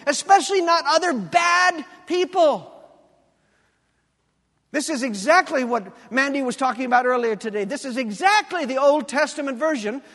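A male pastor preaching a sermon with animated, emphatic delivery and pointed repetition. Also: very high voice, long reverb tail.

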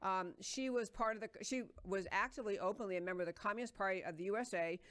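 A woman's voice: mid-range voice, fast, fairly bright tone. A middle-aged woman hosting a political talk show, delivering an earnest, emphatic monologue with frequent fillers and restarts.

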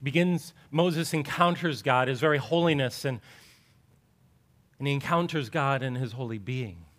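A man preaching a sermon earnestly, often repeating words and sinking low and soft on key words, with playful asides. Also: moderate pace. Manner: playful asides with joking voices.

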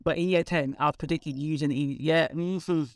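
A woman, a guest telling her life story in conversation, candid and animated with quick asides. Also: sits low, dry recording, clean studio sound. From London, England.

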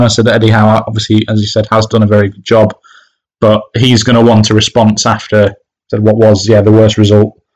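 Here a football-fan man co-hosts a laid-back football podcast, his voice lowish and somewhat dark in tone. He keeps stopping to restart and fills gaps with filler words, sounding hesitant. The audio is low quality.

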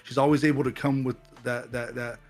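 A man's voice: medium pitch, level tone, fairly quick, soft background music. A man who is a pastor, speaking earnestly in a casual faith conversation and often repeating words as he gathers his thoughts.

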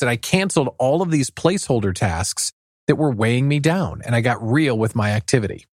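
A man's voice: mid-range voice, lively intonation, normal speed, no room sound, clean studio sound. A man hosting a podcast for small business owners, talking in a friendly, conversational way. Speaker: podcast host. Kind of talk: podcast interview.

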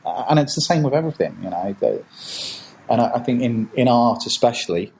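A man appears as a podcast guest in a casual conversational interview, speaking in an animated way and acting out quoted reactions with playful, jokey voices. His voice is mid-range, gravelly and a little fast, and the audio is poor.

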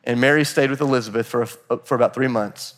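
A man pastor giving a sermon, telling the story with animated, conversational energy and briefly acting out quoted voices. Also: mid-range voice, fast, big-room sound. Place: church sanctuary.

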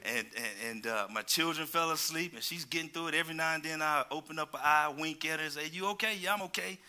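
A man preaching a sermon, telling an animated, playful story with laughter before turning to scripture. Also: a little high, fast, smooth. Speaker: pastor.

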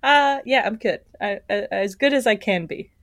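A woman's voice: medium pitch, moderate pace, fairly bright tone, no echo, studio quality. A young adult woman co-hosting a podcast in casual chat, giggly and full of fillers. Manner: giggly, chatty, many fillers. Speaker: podcast co-host.

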